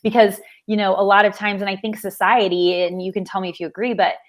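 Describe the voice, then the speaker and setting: A woman's voice: medium pitch, fairly even intonation, fast. A woman hosting an interview, talking earnestly with many "you know" fillers. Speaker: interview host. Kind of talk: conversational interview.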